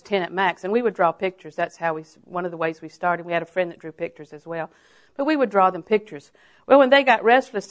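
An older woman preacher giving a sermon, telling homely stories and then rising into emphatic, drawn-out exhortations. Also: medium pitch. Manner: folksy storytelling that rises to emphatic, drawn-out exhortation.

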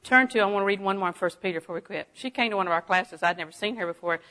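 A very fast, pushed, bright mid-range voice carries this woman's sermon-style Bible teaching. She draws on personal stories and builds to strong, emphatic proclamations.

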